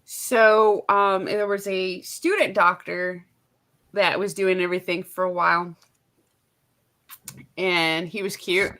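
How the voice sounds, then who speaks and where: A woman's voice: on the low side, fairly even intonation, slow pace, long pauses, a bit bright. A woman hosting a casual livestream chat, laughing often and swearing freely. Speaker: streamer host.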